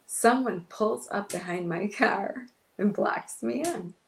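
A woman's voice: medium pitch, takes it slowly, creaky, echoey room, a little hiss or hum, low-quality recording. A woman pastor telling an emotional personal story in an interview, acting out her own past words. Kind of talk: testimony in an interview.

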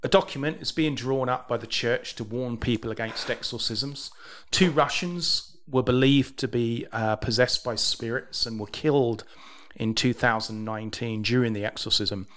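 A man's voice: medium pitch, normal speed, fairly bright tone. Dry-humored male podcast host. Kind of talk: casual chat, reading news stories.

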